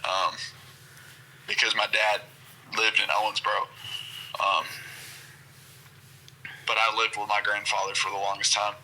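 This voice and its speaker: A man's voice: fairly low pitch, little pitch movement, a little slow, long pauses, bright, forceful tone, a little hiss or hum, low-quality recording. A man from Western Kentucky, a guest on a podcast, chatting casually with lots of hesitant ums.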